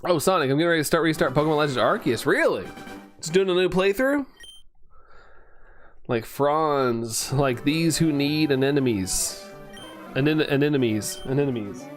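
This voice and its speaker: A man's voice: a little high, expressive, moderate pace, soft background music. A young man streaming, chatting casually and playfully, rambling, tripping over words and laughing at himself. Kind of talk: casual live-stream chat.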